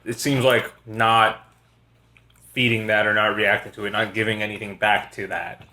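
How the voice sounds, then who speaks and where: A man in casual podcast chat, calmly weighing both sides of an argument. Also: fairly low pitch, normal speed. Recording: echoey room with faint noise.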